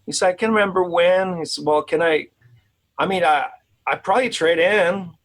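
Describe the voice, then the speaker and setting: A man's voice: sits high, moderate pace, low-quality recording. Quebec-accented man telling a long story. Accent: Quebec French. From Quebec, Canada. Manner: rambling, many restarts, quotes others in the telling. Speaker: guest guitarist. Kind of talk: casual interview storytelling. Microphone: video call.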